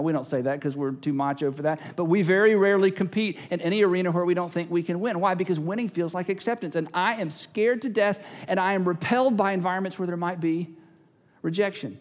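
A man's voice: a little high, darkish tone, in a large hall. A male pastor preaching a sermon, emphatic and repeating key phrases, now and then acting out little everyday scenes.

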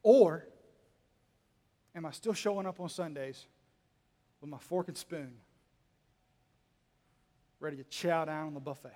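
A man preaching a sermon to his congregation, joking and teasing, swinging between quiet asides and loud emphatic lines. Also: a little high, measured pace, pauses often. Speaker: pastor. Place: church hall. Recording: long hall reverb.

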